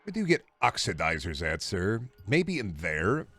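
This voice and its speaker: Man, game streamer, casual commentary, deep-ish voice, very expressive pitch, profane outbursts. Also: moderate pace. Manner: animated, swearing, mock-scolding outbursts.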